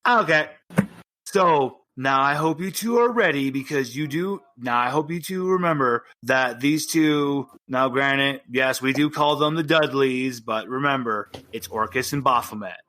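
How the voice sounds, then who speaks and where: Bright-voiced man running a tabletop game. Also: mid-range voice. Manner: lively, quick voice switches between narration and characters. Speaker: game master. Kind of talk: narrating and voicing characters in a tabletop wrestling game.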